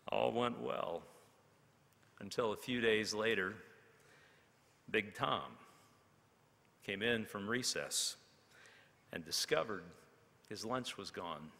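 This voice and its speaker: A man preaching a sermon, telling a story in a slow, dramatic way with long pauses. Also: fairly low pitch, creaky, sharp tone. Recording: long hall reverb.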